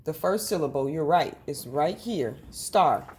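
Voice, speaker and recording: A woman teaching a reading lesson to children, speaking slowly and sounding out each syllable. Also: deep voice, expressive, dark tone.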